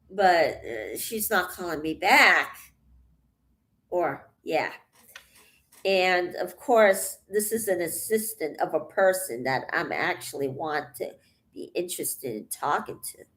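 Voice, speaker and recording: A woman vlogging casually as she paints, out of breath and rambling with many pauses, thinking aloud. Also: medium pitch. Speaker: channel host. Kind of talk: casual vlog while painting.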